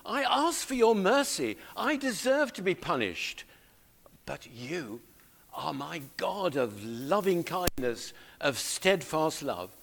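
A man's voice: fairly high pitch, very animated, slow pace, gravelly, a bit bright, voice pushed up, full character voice. A man voicing a repentant king, pleading fervently for mercy in prayer.

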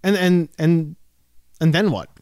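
A man co-hosting a casual podcast chat, animated and joking, often breaking into restarts. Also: on the high side, unhurried, no room sound, studio quality. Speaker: podcast co-host.

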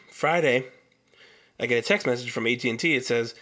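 Bright-voiced man on a profane podcast rant. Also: mid-range voice, expressive, normal speed. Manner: profane, heated ranting. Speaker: podcast host.

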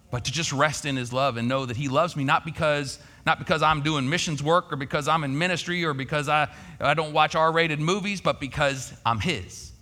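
A man's voice: medium pitch, pushed and bright, in a large hall. A man preaching a sermon, telling a personal story in a folksy, conversational way. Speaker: pastor.

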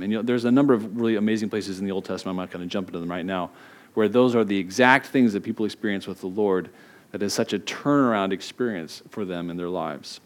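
A middle-aged man preaching a sermon, telling a family story with animated quoted voices and laughter. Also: lowish voice. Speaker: pastor.

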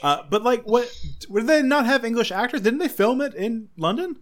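A man's voice: very high voice, sing-song, moderate pace. A man chatting casually on a podcast in a playful, laughing way. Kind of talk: casual chat.

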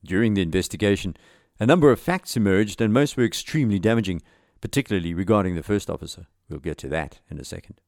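A man, himself a pilot, narrating an air crash story in measured documentary style with lively emphasis. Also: deep voice, vocal fry, no room sound, studio quality.

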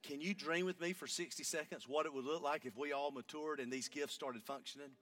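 A man, preaching a sermon and telling a story, going from hushed talk up to shouting. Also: a little high, fairly even intonation, brisk, far from the mic.

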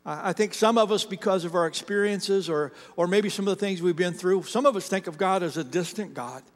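A man's voice: high-pitched, brisk, in a large hall. A man preaching a sermon in a conversational, storytelling way, often restarting his sentences. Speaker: pastor.

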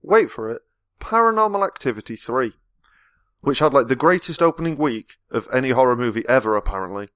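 A man's voice: medium pitch, expressive, a little fast, a bit bright, dry recording, clean studio sound. A man with a British accent co-hosting a casual film review podcast, bantering and telling stories with frequent laughs. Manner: banter, storytelling, laughs often. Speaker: podcast co-host.

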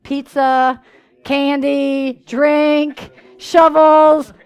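Woman preacher, high voice, lively sermon with come-on asides. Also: very slow, lo-fi sound, faint music behind. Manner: animated storytelling with call-and-response asides.

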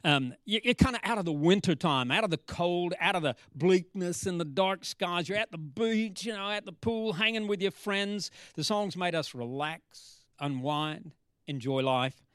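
A man's voice: high-pitched, moderate pace, fairly bright tone, smooth, dry recording, clean studio sound. A man preaching a sermon in a playful, teasing way, reciting song lyrics before turning serious. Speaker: pastor.

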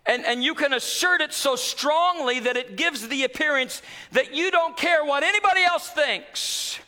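Male pastor, middle-aged, very high bright voice, sermon with big dynamic swings. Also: normal speed. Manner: dramatic swings from loud to hushed.

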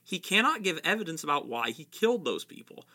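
A man voicing a wise old wizard headmaster, reading his lines gravely from a novel. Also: fairly high pitch, sing-song, a little fast, bright, forceful tone, pitched above the performer's own voice, heavily acted. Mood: stern.

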